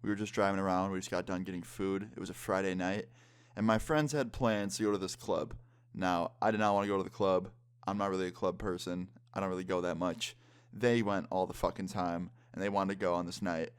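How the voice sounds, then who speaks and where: A man's voice: low voice, steady tone, fairly quick, smooth. A man in his twenties telling a story-time vlog in a casual way, swearing often. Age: 20s. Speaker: vlogger.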